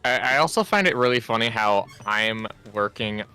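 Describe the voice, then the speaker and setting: A man's voice: fairly low pitch, expressive, normal speed, bright, forceful tone, faint music behind. A man who works as a video editor, chatting casually on a stream and rambling as he loses his train of thought. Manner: rambling, trailing off.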